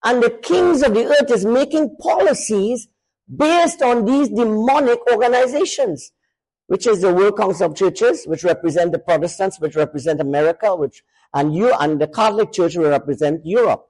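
A male preacher giving a sermon, emphatic, swinging between raised and lowered voice. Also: moderate pace, a little mellow, rough recording.

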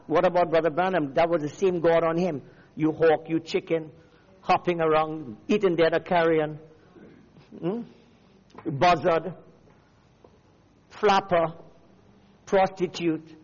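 A man's voice: a little high, measured pace, long pauses, darkish tone, big-room sound, highs cut off. A man from Namibia preaching a fiery, declamatory sermon as a visiting preacher. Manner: fiery, declamatory, rising and falling.

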